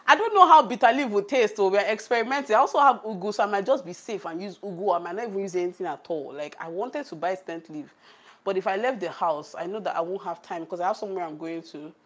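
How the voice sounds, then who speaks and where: A Nigerian-accented woman chats at a middle pitch while she cooks on a camera set on a tripod. She laughs often and reads out her live chat as she goes. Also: fast, fairly bright tone, husky. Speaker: cooking vlogger. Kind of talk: casual chat on a cooking livestream.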